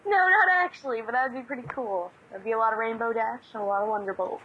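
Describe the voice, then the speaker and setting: A woman's voice: a little high, fast talker, dull audio. A woman in her twenties co-hosting a casual podcast over a Skype call, bantering and laughing easily while reading the news. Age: 20s.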